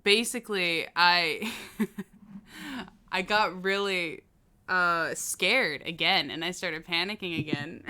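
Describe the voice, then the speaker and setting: Bright, clear-voiced woman telling a story. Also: on the low side. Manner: laughs often while telling a story. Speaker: podcast co-host. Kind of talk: casual storytelling.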